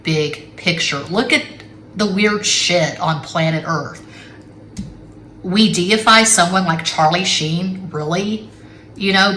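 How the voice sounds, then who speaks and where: A middle-aged woman reads tarot in a loose, rambling monologue, blunt and quick to curse. Her voice sits fairly low but sounds bright and forceful. The room is echoey, with a faint hiss of noise behind her. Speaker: tarot reader. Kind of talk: casual tarot reading monologue.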